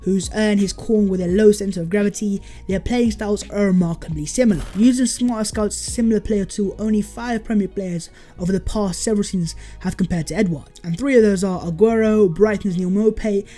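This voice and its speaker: Hyped young football vlogger. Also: male voice, sits high, steady tone, brisk, hardly any pauses, mellow, soft background music. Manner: hyped, chatty, calls viewers lads. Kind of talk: energetic fan vlog.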